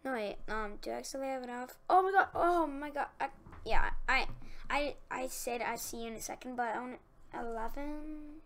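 A woman giving casual let's-play commentary, excitable and talking to herself as she plays. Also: a little high, moderate pace, gravelly, a little hiss or hum. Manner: excitable, talks to herself, easily annoyed. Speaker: gaming youtuber.

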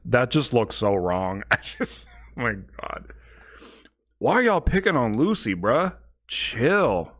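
Wildly animated young man reacting. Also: mid-range voice, takes it slowly. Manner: exclamatory, profane, keeps breaking into laughter. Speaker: anime reaction channel host. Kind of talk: casual reaction commentary.

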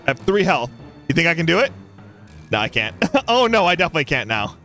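Young male YouTuber doing playthrough commentary, animated pitch, quiet music underneath. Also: quick pace. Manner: excitable, yelling and taunting the boss. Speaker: gaming YouTuber. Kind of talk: let's play commentary.

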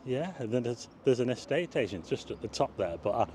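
A man's voice: medium pitch, expressive, fairly quick, dark tone, a little hiss or hum. A man narrating a casual walking tour, chatting to his viewers and exclaiming at what he sees. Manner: chatty, addresses viewers as folks, exclaims at sights. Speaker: travel vlogger. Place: outdoors on town streets.

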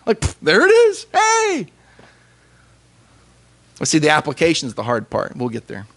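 A young man, a pastor, giving an earnest sermon with emphatic pauses. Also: a little high, huge pitch swings, a bit bright.

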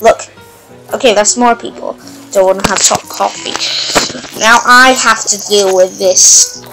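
A woman giving let's-play commentary on a game, excitable and quick to shout and giggle. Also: medium pitch, poor audio. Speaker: gameplay commentator. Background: game music.

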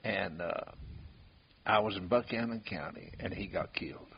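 Older man, folksy storyteller, gravelly, dull hissy lo-fi audio. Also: low-pitched, normal speed. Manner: folksy, laughs at his own stories. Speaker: bloodhound tracker. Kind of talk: storytelling in casual conversation. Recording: dull lo-fi recording with hiss.

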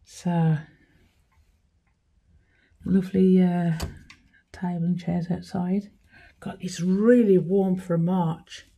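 Speaking slowly in a mellow voice on the low side with a flat delivery, a woman gives a chatty phone tour of a house. She admires each room, pauses with ums and is often out of breath during the casual narration.

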